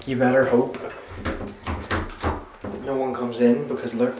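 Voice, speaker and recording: A man's voice: mid-range voice, little pitch movement, extremely slow, heavy background noise. A young man, chatting casually and swearing freely as he vlogs from tour on a handheld action camera. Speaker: touring actor vlogging. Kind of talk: casual vlog chat.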